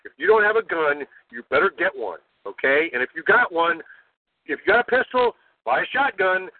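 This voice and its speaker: Older guy ranting on a call-in show, high lively voice, sounds like a phone line. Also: fairly quick, no room sound. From United States. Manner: forceful, preachy, keeps adding "okay?". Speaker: guest.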